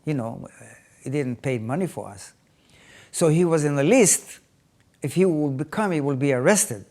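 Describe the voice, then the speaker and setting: An older man tells his life story in English, haltingly, with many restarts and phrasing. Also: on the high side, lively intonation, dark tone. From Israel. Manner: halting, non-native phrasing with frequent restarts. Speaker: interviewee.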